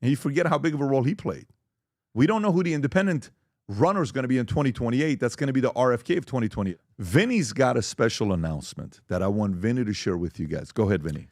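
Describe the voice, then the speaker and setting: Animated male podcast host, dry sound. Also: fast, dry recording. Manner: animated, excited sales pitch. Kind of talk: casual panel talk and merch pitch.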